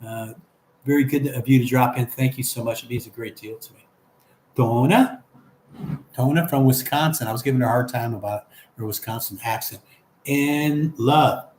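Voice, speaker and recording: This older livestream host reads out comments from his chat and replies in a casual, conversational way. He speaks fairly quickly in a mid-range voice that's a little mellow. There's an echo to the room and a faint hum behind him.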